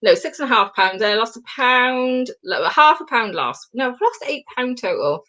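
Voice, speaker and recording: A woman's voice: on the high side, expressive, normal speed, bright, forceful tone. A woman comedian, chatting bawdily and telling stories. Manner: chatty, bawdy, storytelling. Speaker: comedian guest. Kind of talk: casual chat.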